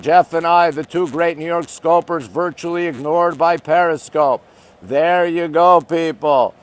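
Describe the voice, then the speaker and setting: A man's voice: on the high side, clear, resonant tone. A man from Canada hosting a casual phone livestream outdoors at night, chatting and greeting viewers by name. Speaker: livestream host. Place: outdoors at night overlooking city skyline.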